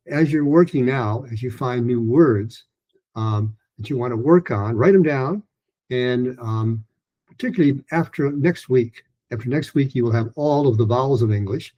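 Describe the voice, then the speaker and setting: A man leads a pronunciation lesson, his voice husky and mellow as he walks through hand movements in an easy, informal way, full of "um" and "uh". The sound is dull and muffled. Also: mid-range voice. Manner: relaxed, informal, with many fillers; gestures while explaining. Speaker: pronunciation teacher. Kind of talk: online lesson.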